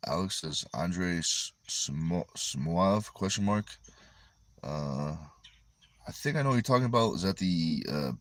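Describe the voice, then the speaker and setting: Deep-voiced New England man on a livestream. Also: expressive, measured pace, dry recording. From Connecticut. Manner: rambling, easygoing, thinks aloud with hesitations. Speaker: arm wrestler and livestream host. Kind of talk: livestream chat, reading viewer comments aloud.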